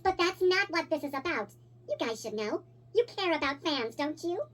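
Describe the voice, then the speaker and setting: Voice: sits high, animated, moderate pace, fairly bright tone. A performer voicing an earnest, pleading cartoon chipmunk in a cartoon. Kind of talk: cartoon voice acting.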